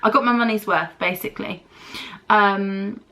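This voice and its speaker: Chatty British woman with a gravelly edge. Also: mid-range voice, steady tone, moderate pace, sharp tone. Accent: British English. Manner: chatty, candid, rambling storytelling. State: recovering from a dental procedure. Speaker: beauty vlogger. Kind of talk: casual chat while doing makeup.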